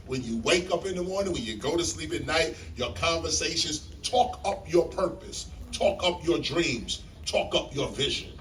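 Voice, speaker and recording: Animated New man telling a story. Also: normal speed, hardly any pauses, recorded from a distance, a little hiss or hum, low-quality recording. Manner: animated, preacher-like storytelling with sudden pitch jumps and emphatic repeats. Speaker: guest speaker on stage. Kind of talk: live storytelling talk. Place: library event hall before a live audience.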